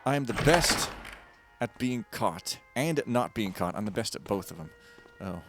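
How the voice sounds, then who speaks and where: A man casually commenting while playing a stealth game, rambling and joking, with sudden loud bursts and quiet mumbles, on a close mic. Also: lowish voice, expressive, moderate pace, loud music behind the voice. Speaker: gaming streamer. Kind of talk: casual let's-play commentary. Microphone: close desk mic.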